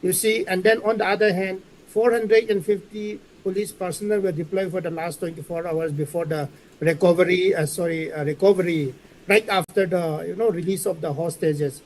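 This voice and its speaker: A man's voice: high-pitched, fairly even intonation, moderate pace, a little hiss or hum, rough recording. A man giving methodical, hesitant commentary as a panelist on a news debate. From Manipur. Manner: hesitant, filler-heavy, methodical.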